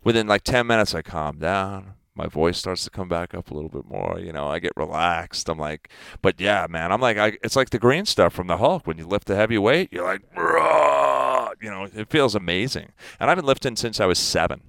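A man in his fifties, a guest athlete, talking in a casual interview in an emphatic, animated way. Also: low-pitched, fairly quick, vocal fry, hardly any pauses, smooth, no echo. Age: 50s.

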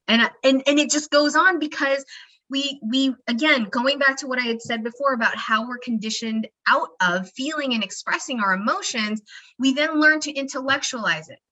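A woman's voice: high-pitched, moderate pace, bright, forceful tone, poor audio. A woman guest on a podcast interview, talking expressively with lots of "you know" and "like," acting out quotes and laughing often. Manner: chatty, heavy use of "you know" and "like". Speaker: guest, founder and emotional wellness practitioner. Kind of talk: animated podcast interview talk.

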